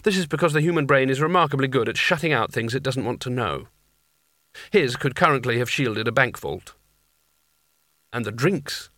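A man narrating an audiobook in a dry, measured storytelling manner. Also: mid-range voice, lively intonation, pushed and bright, dry recording. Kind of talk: scripted narration.

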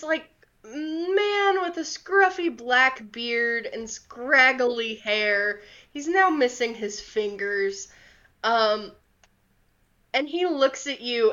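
A woman game master narrates the scene at a slow, easy pace. Her voice is high and she laughs often. The recording sounds muffled and lo-fi. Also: a bit bright.

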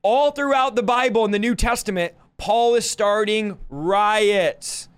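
A man with a high voice hosts a podcast in casual talk. He speaks emphatically and repeats his points to drive them home. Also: a little slow, clean tone. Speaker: podcast host.

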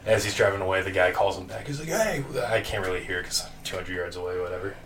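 A man co-hosting a podcast, telling a long story in casual chat, animated and laughing, with casual swearing. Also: deep voice, quick pace. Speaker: podcast co-host. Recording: distant mic with faint noise.

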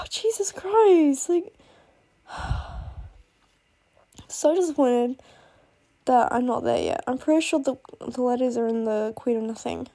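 A young book vlogger, sick with a cough, gushes casually about books she loves in a high-pitched, expressive, warm voice. She goes slowly with long pauses, rambling and sprinkling in plenty of "like" and "oh my god."

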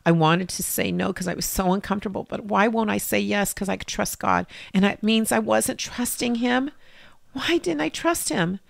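A woman's voice: mid-range voice, moderate pace, gravelly, no room sound, clean studio sound. A middle-aged woman telling a personal faith story as an interview guest, acting out past conversations with strong emotion.

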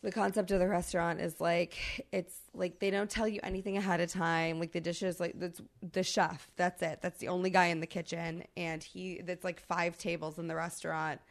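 A woman co-host chatting on a podcast, with a lowish voice and a gravelly fry in it. She tells her story in an animated way, swearing freely and filling it with likes and ums. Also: moderate pace, hardly any pauses. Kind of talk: casual chat.

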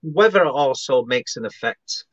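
A man, a guest psychic medium on a video call, talking in a rambling, halting way with many restarts. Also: medium pitch, expressive, no room sound, muffled recording. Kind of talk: casual live-stream chat.

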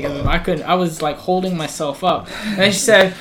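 A man's voice: high-pitched, fairly even intonation, normal speed, fairly bright tone. A man telling a rambling story in casual podcast chat, laughing often and swearing freely.

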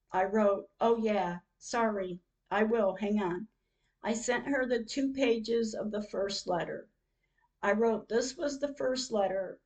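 A woman's voice: mid-range voice, darkish tone, low-quality recording. An older woman narrating her own day as a diary, reading out times and messages, emotional at times. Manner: reads out dated entries and messages, emotional. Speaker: podcast host. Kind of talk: diary-style personal narration.

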